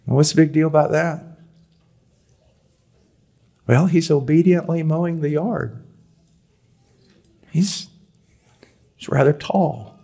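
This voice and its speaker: Male preacher with a slightly high voice; booming readings that drop into soft, intimate asides. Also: gravelly, breathy edge. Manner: swings from loud emphatic reading to quiet confiding tones; repeats words for emphasis. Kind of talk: sermon. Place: church or conference hall.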